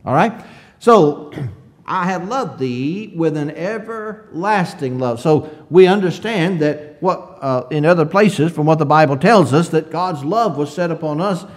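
A man preaching a conversational sermon. He asks the congregation rhetorical questions and reads scripture slowly. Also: a little high, animated.

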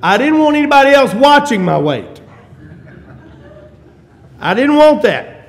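A man preaching a sermon in a church, moving from shouted peaks to low hushed asides, with chuckles and folksy humor between his points. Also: sing-song, unhurried.

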